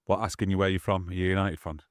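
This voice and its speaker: A man interviewing a guest, asking quick, prompting questions. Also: deep voice, little pitch movement, no room sound, clean studio sound. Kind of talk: casual podcast interview.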